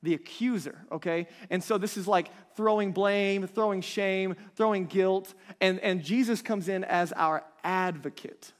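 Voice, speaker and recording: Speaking at a measured pace with hardly any pauses, this high-pitched pastor in his thirties keeps his sermon conversational and repeatedly engages the crowd. Long reverb from a big hall surrounds his voice.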